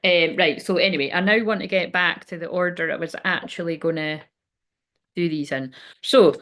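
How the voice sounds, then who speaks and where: A woman's voice: on the low side, fairly even intonation, moderate pace, fairly bright tone. Chatty woman doing tarot. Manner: rambling, chatty, swears casually. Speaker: tarot reader. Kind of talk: casual tarot reading to camera. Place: indoors at home by a window.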